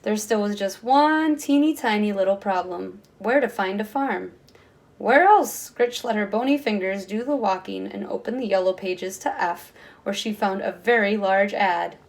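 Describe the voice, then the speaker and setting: A kindergarten teacher reading a picture book aloud, with expressive storytime delivery and voices for the characters. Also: female voice, mid-range voice, moderate pace, creaky.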